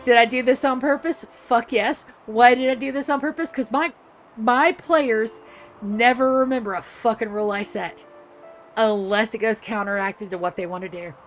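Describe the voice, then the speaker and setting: Soft music plays in the background as a streamer with a slightly high voice talks at a moderate pace while she games. Her stories about running tabletop sessions wander, swear freely and come alive with animation.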